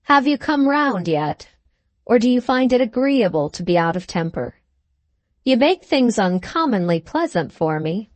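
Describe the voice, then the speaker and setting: A woman's voice: a little high, big pitch swings, no room sound. A woman reading a cold, drawling husband. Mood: sneering. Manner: superficial drawl, slow and cutting. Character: cold, sneering aristocratic husband. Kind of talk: audiobook character reading.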